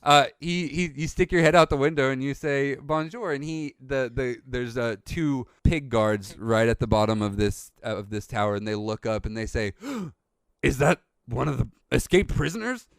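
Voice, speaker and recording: A man runs a tabletop game as game master, narrating in a relaxed, halting way. His voice is smooth and resonant. The sound is dry and close. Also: medium pitch, no room sound.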